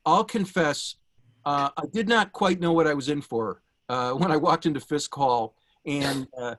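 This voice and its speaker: A middle-aged man giving a prepared tribute over a video call, telling anecdotes in a warm way with many small pauses and fillers. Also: a little high. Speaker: guest speaker giving a tribute.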